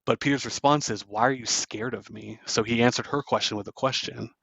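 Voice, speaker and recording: A man's voice: medium pitch, steady tone, brisk, creaky, a bit bright, husky, dry recording, highs cut off. A man hosting a podcast, loosely retelling a film scene by scene with plenty of fillers. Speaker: podcast host. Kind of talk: casual film recap.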